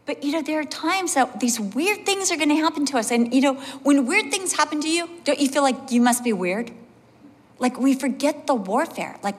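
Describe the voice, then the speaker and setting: A woman pastor preaching a sermon, telling animated personal stories and acting out the voices of the people in them. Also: high voice, moderate pace. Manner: animated storyteller, acts out voices, laughs along. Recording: long hall reverb.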